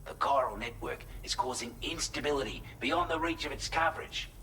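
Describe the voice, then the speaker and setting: A man's voice: mid-range voice, lively intonation, a little fast, pushed and bright, slight background noise, rough recording. A man voicing an earnest, determined male idealist in video game dialogue. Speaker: game character.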